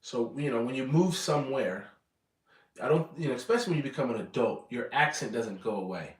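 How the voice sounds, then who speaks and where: A man's voice: medium pitch, animated, fairly quick. An American man chatting casually on a livestream, rambling and often repeating words as he corrects himself. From United States. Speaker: vlogger. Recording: roomy sound, mic at a distance.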